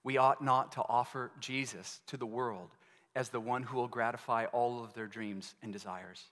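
A man preaches a sermon in an earnest, searching manner and keeps turning to his listeners with questions. His voice sits at a middle pitch. It rings out with a long reverb through a large hall. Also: steady tone, normal speed, fairly bright tone. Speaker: pastor.

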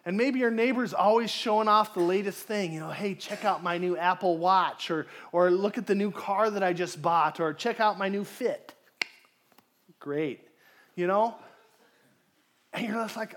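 Guy preaching in church, chatty, high voice, acts out little inner voices. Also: fairly bright tone. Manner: conversational, asks the congregation questions, acts out inner voices. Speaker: pastor. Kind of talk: sermon.

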